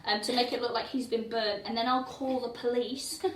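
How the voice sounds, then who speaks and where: A woman's voice: fairly high pitch, steady tone, fairly quick, fairly bright tone, a little hiss or hum. Laughing woman comedian telling a tale live. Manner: laughing often, profane, acts out quotes. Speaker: comedian co-host. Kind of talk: comic storytelling at a live show. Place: windowless venue at a festival, live audience. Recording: roomy live venue from a distant mic.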